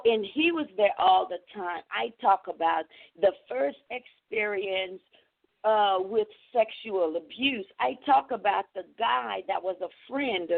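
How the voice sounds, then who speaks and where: A woman's voice: fairly high pitch, vocal fry. A woman from the Caribbean, an author guest on a radio interview, telling her story in an earnest, impassioned way over a phone line.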